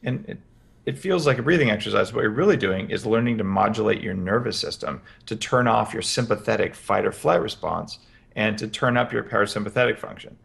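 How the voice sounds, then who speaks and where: A man as a podcast guest, explaining practical health advice in an energetic interview. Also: on the low side, brisk, creaky. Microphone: headphones with podcast mic.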